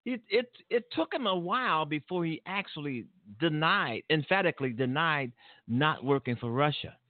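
A man's voice: on the high side, lively intonation, moderate pace, no room sound, phone-quality sound. A man hosting his own political talk show, talking bluntly and profanely in a rambling monologue full of fillers and restarts. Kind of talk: casual political commentary monologue.

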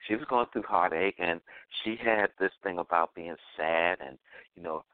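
A man's voice: low voice, no room sound. A man co-hosting a call-in talk show, telling a story in a loose, chuckling way and repeating his phrases. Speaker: co-host. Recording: dry tinny phone line.

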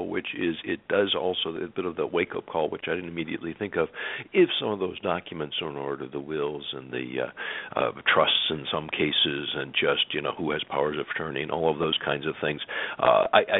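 A man hosting a finance radio show, chatting with a guest in a conversational way with many fillers and quick affirmations. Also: low-pitched, creaky. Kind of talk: radio interview. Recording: tinny phone-like radio audio.

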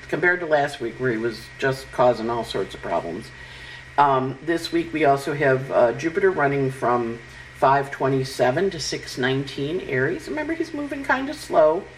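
Low-voiced woman giving an astrology forecast. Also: a little hiss or hum, low-quality recording. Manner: chatty, animated, breaks into high-pitched quoted voices. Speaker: astrologer host. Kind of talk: casual weekly astrology forecast.

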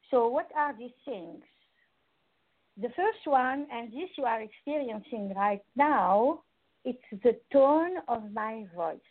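A woman who hosts a radio show as a holistic coach, speaking deliberately with pauses and asking rhetorical questions. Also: a little high. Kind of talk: radio talk show monologue. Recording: tinny phone-line sound.

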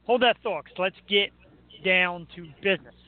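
A man's voice: high-pitched, moderate pace. A man hosting a radio show, chatting casually in a joking, self-mocking way. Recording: tinny phone-like line.

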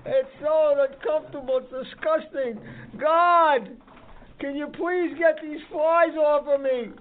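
A man's voice: very high-pitched, steady tone, takes it slowly, pitched above the performer's own voice. A man voicing a miserable female cow who whines and complains about flies, in a story told to a group. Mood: whining. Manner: whiny, complaining. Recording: tinny phone-like sound.

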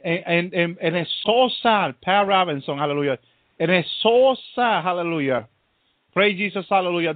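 Preaching in a high voice with no echo, this man peppers his sermon with hallelujahs and praise-Jesus interjections while going over the same points again and again. The recording sounds dry and tinny, like a phone call.

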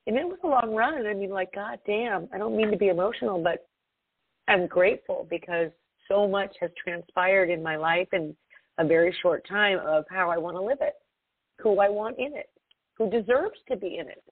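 A woman co-hosting a podcast in casual chat, expressive and laughing often, her voice swinging between loud and soft. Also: medium pitch, normal speed, husky, no room sound. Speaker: podcast co-host. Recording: tinny phone-like sound, dry.

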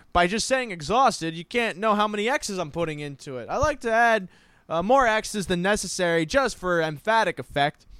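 A man hosting a casual horse racing picks show, animated and jokey with playful wordplay. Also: high voice, clear, resonant tone, no room sound. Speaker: host. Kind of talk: casual harness racing handicapping chat.

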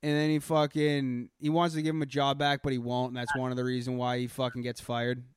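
A man's voice: medium pitch, monotone, brisk, clean tone, no echo, studio quality. A man with a Boston accent co-hosting a podcast in crude, profane, rambling casual chat. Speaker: podcast co-host.

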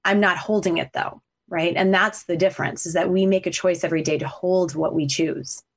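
Husky-voiced woman telling a heartfelt story. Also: on the low side, steady tone, a little fast. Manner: earnest, heartfelt, talks through tears at times. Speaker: podcast guest, coach and author. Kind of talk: emotional personal storytelling.

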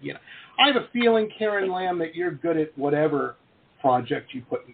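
Rambling, jokey male host from the US; slightly high voice over a thin video-call line with faint hiss. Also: expressive, a little fast, breathy edge, narrow, tinny audio. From United States. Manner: chatty, rambling, joking. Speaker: interview host. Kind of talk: casual video interview.

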